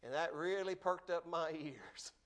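Preaching with earnest emphasis, this man's voice is a little high and somewhat bright. He slows down to lean on important words.

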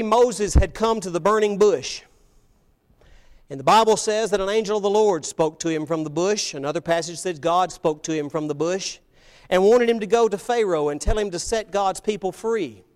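High-voiced man preaching emphatically. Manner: emphatic, rhetorical questions, swings between loud and soft. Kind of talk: sermon. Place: church, evening service.

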